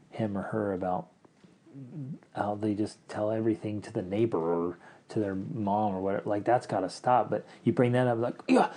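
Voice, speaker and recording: A middle-aged man with a lowish voice co-hosts a podcast, chatting casually. He talks in an animated way and acts out the lines he quotes.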